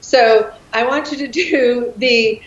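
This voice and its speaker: A woman's voice: on the high side, takes it slowly, reverberant, muffled recording. A woman from the United States leading a laughter yoga exercise in casual chat, giggly and instructive, laughing often between her words.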